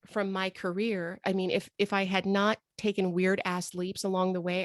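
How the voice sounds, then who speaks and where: A woman hosting a live video call with her students, gushing and excitable, often breaking into exclamations. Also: on the low side, no echo. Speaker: host and healing coach.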